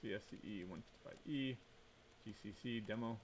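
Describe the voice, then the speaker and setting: A man's voice: fairly low pitch, fairly quick, a little hiss or hum. A man giving a computer science lecture while coding, thinking aloud, quizzing the class and correcting himself.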